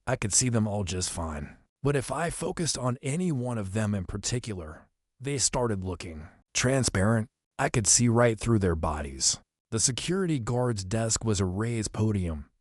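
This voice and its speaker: A man narrating an audiobook in the first person, in a steady, descriptive storytelling manner. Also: lowish voice, dry recording, clean studio sound.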